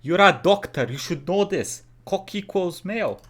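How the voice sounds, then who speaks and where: A man's voice: high voice, animated, normal speed, a bit bright. A man hosting a reaction video, talking bluntly and crudely and calling everyone bro. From Bulgaria. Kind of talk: casual reaction commentary.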